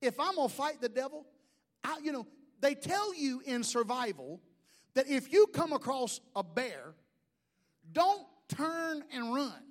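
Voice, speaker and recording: A man preaching a sermon, a pastor, who swings from shouted declarations to quiet joking asides with folksy humor. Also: very high-pitched, sing-song, moderate pace.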